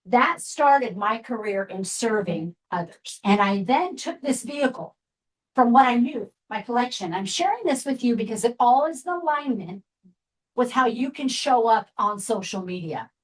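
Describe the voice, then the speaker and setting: A woman's voice: fairly high pitch, lively intonation, normal speed, low-quality recording. A woman in her fifties from Seattle, telling a candid personal story to a group as guest speaker, with frequent asides. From Seattle, USA. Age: 50s.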